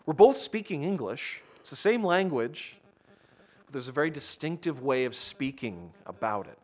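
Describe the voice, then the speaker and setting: A pastor preaching a sermon in a conversational way, often restarting phrases and adding asides to the congregation. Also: male voice, mid-range voice, very animated, moderate pace.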